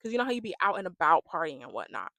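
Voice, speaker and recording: A woman ranting casually about a reality show, acting out the people she quotes and swinging between loud bursts and hushed asides. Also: lowish voice, very animated, rapid-fire, gravelly, no echo. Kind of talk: casual rant vlog.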